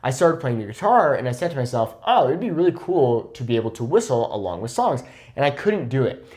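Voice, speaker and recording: An encouraging young man teaches Spanish pronunciation in an online lesson. His voice rises and falls a lot, and he speaks at a medium pitch. He keeps checking in with the listener after each point and says example words slowly and carefully. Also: very animated, darkish tone.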